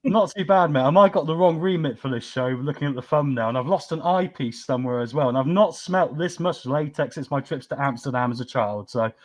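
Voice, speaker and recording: A man's voice: a little high, brisk, hardly any pauses. A man co-hosting a fan show, trading dry, self-deprecating banter. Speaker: co-host. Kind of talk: casual chat.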